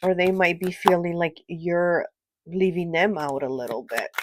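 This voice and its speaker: A woman's voice: on the low side, steady tone, moderate pace, noisy background. Nasal, congested woman reading tarot. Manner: gentle, reassuring, frequent fillers and check-ins. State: congested from a cold. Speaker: tarot reader. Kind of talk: pick-a-card tarot reading.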